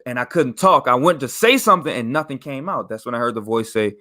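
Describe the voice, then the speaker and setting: A young man casually telling a story on a podcast, animated and slangy, rising in pitch and volume when he stresses a point. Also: fast talker, few pauses.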